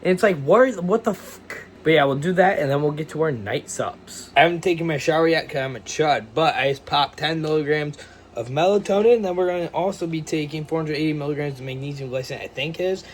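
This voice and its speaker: A man's voice: on the high side, fast talker, slight background noise. A young man talking casually to the camera in a fitness vlog, loose and jokey, swearing often and calling his viewers "boys". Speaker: fitness vlogger.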